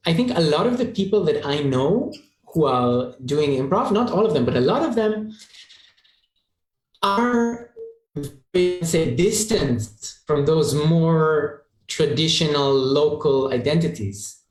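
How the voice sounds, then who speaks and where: A man's voice: fairly high pitch, animated, soft background music. Israeli man musing in an echoey room. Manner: thoughtful, halting, many restarts. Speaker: improv performer on a panel. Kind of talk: panel discussion.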